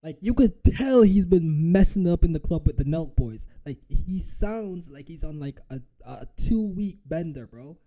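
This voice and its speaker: A man talking over a clip on his stream, his voice deep-toned and mellow. He swears freely and stays animated. He breaks into mocking impressions of the people on screen. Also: measured pace, few pauses. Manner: profane, animated, mocks with impressions. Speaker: reaction streamer. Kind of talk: live reaction commentary.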